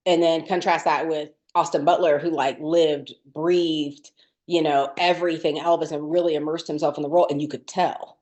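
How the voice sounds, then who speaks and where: Woman podcast co-host, lowish voice, rambling casual chat full of "like" and restarts. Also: fairly even intonation, moderate pace, darkish tone. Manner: chatty, many fillers and restarts.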